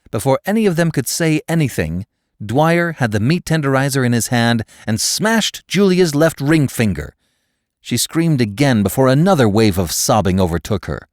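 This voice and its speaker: A man narrating a thriller audiobook in a measured, dramatic storytelling manner. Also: mid-range voice, big pitch swings, no room sound, clean studio sound.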